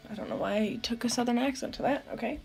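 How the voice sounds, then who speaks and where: A young woman casually chatting through a makeup tutorial as a beauty vlogger, candid and quick to exclaim. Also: fairly high pitch, creaky, darkish tone, faint music behind.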